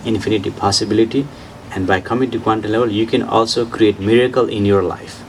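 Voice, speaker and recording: A man giving an informal spiritual talk and answering questions, repeating his points insistently in slightly broken English and laughing softly. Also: lowish voice, fairly even intonation, quick pace, recorded from a distance, slight background noise, poor audio. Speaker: spiritual teacher.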